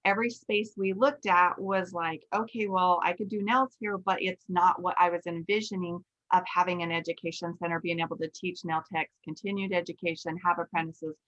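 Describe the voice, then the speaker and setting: Speaking briskly with hardly any pauses, this woman has a fairly low-pitched voice captured in lo-fi sound. She's in her forties, a nail instructor and podcast host, casually telling a story. Her retelling is frank and lively, full of quoted inner thoughts.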